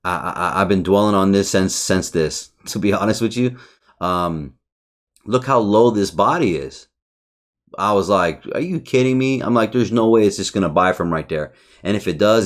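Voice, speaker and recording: A young man hosting a trading channel, reviewing his trades in a frustrated, rambling, profane way. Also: deep voice. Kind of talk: casual market review over charts.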